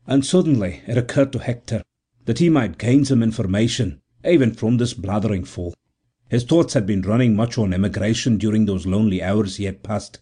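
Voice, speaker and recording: Mellow-voiced male audiobook narrator. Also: lowish voice, a little fast, slightly rough. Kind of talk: scripted narration.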